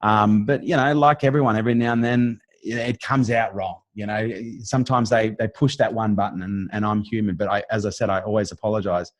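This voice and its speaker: Quick blunt aussie guy, lowish voice, dry close sound, swears a lot. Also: fairly even intonation, dry recording. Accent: Australian. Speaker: interview guest, business strategist. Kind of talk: casual interview chat.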